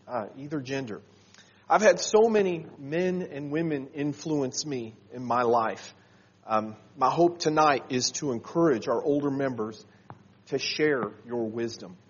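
A man preaching a sermon to his congregation, earnest and halting, with many fillers and restarts. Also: on the high side, husky, muffled recording.

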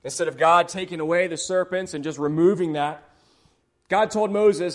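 Impassioned high-voiced male preacher. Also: normal speed. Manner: impassioned, emphatic, quotes scripture in old-fashioned wording. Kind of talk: evangelistic sermon.

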